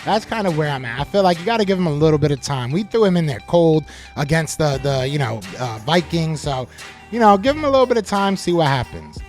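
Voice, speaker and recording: Guy hosting a live sports stream, fairly high voice, fired up and trash-talking the chat, faint music behind. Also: quick pace. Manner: animated, trash-talking, reacts to chat comments. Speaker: sports podcast host.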